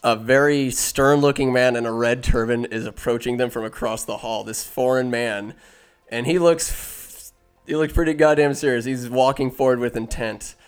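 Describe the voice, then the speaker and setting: Man, smooth clear voice, rambling joking recap, faint music behind. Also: medium pitch, normal speed. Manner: rambling, jokey asides, self-interrupting. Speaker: movie recap host. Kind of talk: comic movie recap.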